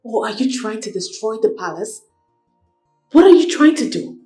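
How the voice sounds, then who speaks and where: A high, distressed young queen pleads and argues in an echoey room with faint music under her. A woman plays her in a film drama, her voice pressing and defiant. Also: big pitch swings, normal speed, mellow. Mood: angry defiant. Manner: tearful, pleading, then sharply angry. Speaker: widowed queen. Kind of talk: Nollywood film acting.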